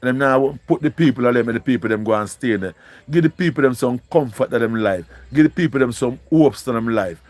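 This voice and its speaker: A man's voice: medium pitch, brisk, a little mellow, no room sound. A man with a Jamaican accent, pleading and repeating himself as he speaks emotionally to viewers on a live stream. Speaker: livestreamer.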